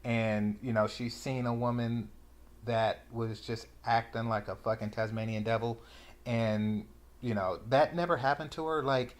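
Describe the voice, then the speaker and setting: A man's voice: mid-range voice, fairly even intonation, unhurried. A man hosting a reaction video, giving sarcastic, rambling commentary full of fillers. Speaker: commentary channel host.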